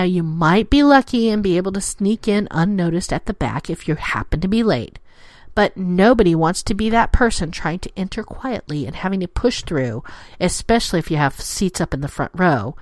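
A woman hosts her own podcast in a playful, theatrical manner, now and then sinking to a whisper to stress a point. Her voice sits a little low but swings widely in pitch. The sound is close and dry, with no room around it. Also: sing-song, moderate pace, no echo. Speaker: podcast host. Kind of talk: scripted solo show talk.

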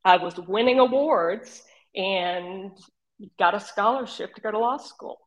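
An older woman with a Southern accent and an Oklahoma drawl, telling animated, laughing stories as an interview guest. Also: medium pitch, measured pace, rough recording. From Northeast Texas region. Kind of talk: casual storytelling.

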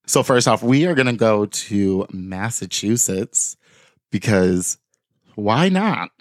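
A man's voice: fairly low pitch, expressive, takes it slowly, no echo, studio quality. A man hosting a podcast, reading news articles aloud with offhand jokey asides in casual chat. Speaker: podcast host.

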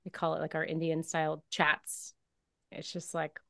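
A woman's voice: low-pitched, little pitch movement, normal speed, gravelly, pauses often, a bit bright, dry recording, studio quality. A woman guest on a podcast, speaking in an earnest, reflective way about her experiences. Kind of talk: casual conversational interview.

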